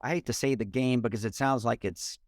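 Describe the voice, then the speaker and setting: Man, energetic storyteller, casual interview, dry close sound, middle pitch. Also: fairly quick, no echo. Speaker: mortgage loan officer, podcast guest. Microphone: remote call.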